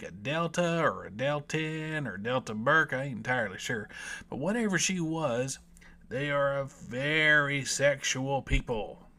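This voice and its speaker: Folksy Southern man, bright voice. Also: fairly high pitch. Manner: rambling, irreverent, folksy. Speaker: book reviewer. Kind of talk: comedic storytelling.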